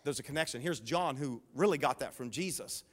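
A man preaching as pastor, playful and punchy, slowing down for emphatic repeated lines. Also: mid-range voice. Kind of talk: sermon.

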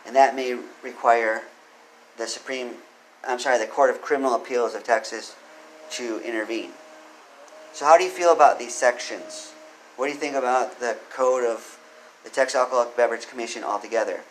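Reading legal code aloud and commenting on it alone, this man often poses questions to the listener. His voice is medium-pitched with fairly even intonation, moving a little fast. The rough recording carries slight background noise.

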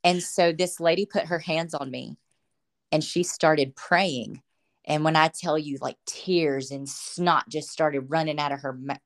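A woman as a podcast guest, telling her faith testimony in earnest, emotional storytelling. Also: deep voice. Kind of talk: personal faith testimony in conversation.

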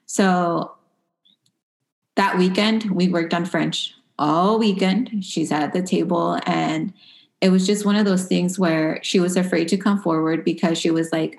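Her voice sits fairly low, steady and creaky, moving a little slowly as she recounts life with her children. The thirty-something parent slips Spanish phrases into casual storytelling, and the room echoes.

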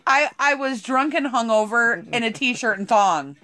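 A woman's voice: fairly high pitch, animated, unhurried, crowd noise. A woman with a drawl spins a rambling, profanity-laced story. She talks casually and keeps breaking into laughter as she goes.

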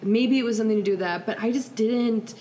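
A woman's voice: fairly high pitch, fast, dark tone, a little hiss or hum. A young woman co-hosting a podcast, giving blunt, frank opinions on movies in casual chat. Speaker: podcast co-host.

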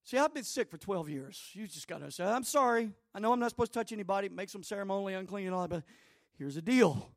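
A male preacher voicing a long-sick woman who rushes through a hushed, confiding account of her healing. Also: high voice, lively intonation, no echo, clean studio sound. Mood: earnest. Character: sick woman pleading her healing story, middle-aged.

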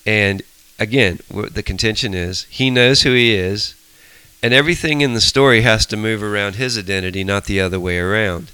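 A man's voice: lowish voice, brisk, sharp tone, clean tone, no echo, poor audio. A middle-aged man leading a Bible study, telling stories animatedly with frequent restarts. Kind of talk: casual teaching discussion.

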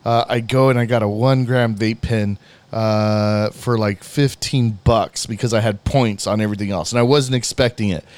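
A young man hosting a podcast, telling a rambling story about his day with lots of swearing and animated retelling. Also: lowish voice, moderate pace. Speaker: podcast host. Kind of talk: casual storytelling chat.

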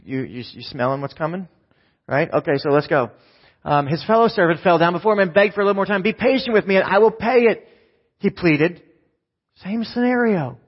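A man preaching a sermon in a conversational way, often checking in with his listeners. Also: on the high side. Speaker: pastor. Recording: dull lo-fi sound with long hall reverb.

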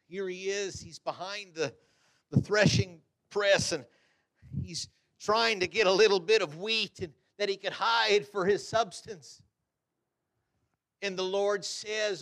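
Male preacher, middle-aged, high voice, slow deliberate delivery, fervent sermon style with hushed asides. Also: steady tone. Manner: fervent, shifting between loud exhortation and soft asides.

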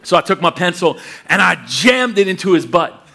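A middle-aged pastor preaching, reading scripture and telling lively personal stories, acting out voices and laughing as he goes. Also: sits high, normal speed, creaky. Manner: animated storytelling, acts out voices, laughs often.

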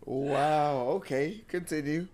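A woman co-hosting a podcast in casual sports chat, with dry, wry asides and steady back-channel responses. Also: deep voice, takes it slowly, very noisy. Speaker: podcast co-host.

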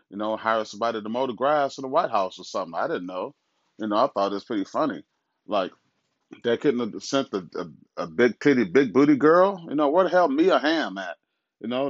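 Casting: low-voiced middle-aged dad, blunt and crude, mocking monologue host. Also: male voice, dry recording. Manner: blunt, profane, mocking, laughs at his own jokes. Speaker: parent of a pro athlete, talk host. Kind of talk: casual opinion monologue. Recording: dull lo-fi dry recording.

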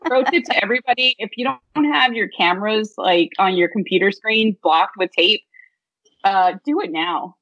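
A woman's voice: medium pitch, moderate pace, a bit bright, dry recording, dull audio. A woman co-hosting a podcast in casual chat, chatty and slangy, cracking jokes. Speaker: podcast co-host.

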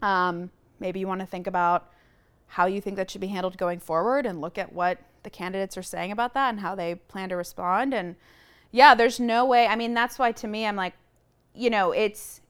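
A woman's voice: medium pitch, a little fast, smooth. A woman guest on a podcast, talking earnestly in casual conversation and searching for her words, on a lapel mic. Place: room shared with host.

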